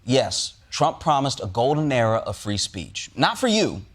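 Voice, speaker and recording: A man delivering a sarcastic, animated comedic monologue as host. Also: mid-range voice, measured pace.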